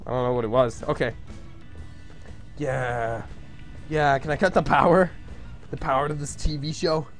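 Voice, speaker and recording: A young man casually chatting on a live game stream, goofy with loud self-amused outbursts. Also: medium pitch, fairly even intonation, moderate pace, long pauses, faint music behind.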